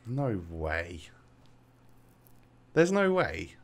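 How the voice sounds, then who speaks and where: A man hosting a casual gaming video, playful and quick to laugh as he chats with his guest. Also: fairly low pitch, huge pitch swings. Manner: playful, laughs often, brisk. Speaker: host.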